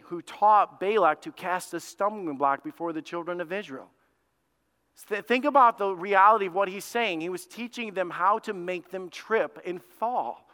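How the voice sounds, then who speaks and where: Energetic male pastor mid-sermon, clear ringing voice, long church echo. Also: on the high side. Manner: energetic, emphatic preaching that rises to exclamations; addresses the congregation directly with questions. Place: church sanctuary. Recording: echoey church hall.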